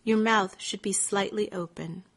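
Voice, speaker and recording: A woman slowly narrating scripted teaching instructions in a measured, clearly articulated way. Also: medium pitch, steady tone, a bit bright. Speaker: teacher giving lesson instructions.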